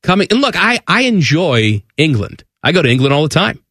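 A man's voice: fairly high pitch, sing-song, fairly quick, a bit bright, breathy edge, no echo, studio quality. A man co-hosting a radio show, reading a letter aloud and mocking it incredulously. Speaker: radio co-host. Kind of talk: casual chat, reading aloud.

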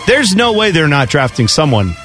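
A man's voice: fairly high pitch, big pitch swings, moderate pace, fairly bright tone, faint music behind. A man hosting a casual sports radio show, opinionated and chatty, slipping into mocking voices when he quotes people. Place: radio studio.

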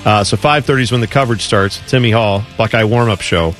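A man hosting a casual sports talk radio show, chatty and bantering quickly with his co-host. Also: on the low side, a bit bright, faint music behind. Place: radio studio. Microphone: studio microphone.

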